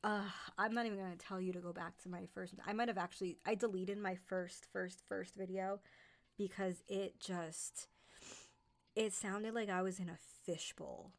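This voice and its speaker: At normal speed and in a steady, medium-pitched voice, the horror narration host casually talks to her livestream viewers. Her light New York accent comes through alongside lots of "like" and "um".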